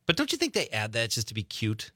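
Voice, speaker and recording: A man's voice: fairly low pitch, fast, no echo, studio quality. A man with a Wisconsin accent hosting a casual radio talk show, reading listener messages and telling jokey stories. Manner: animated, jokey storytelling.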